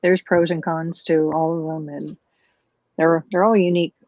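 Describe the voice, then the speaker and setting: A woman's voice: low-pitched, little pitch movement, normal speed, darkish tone, no echo, muffled recording. A woman co-hosting a live building stream who chats in an easygoing way and laughs often. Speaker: co-host. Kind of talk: casual chat while building.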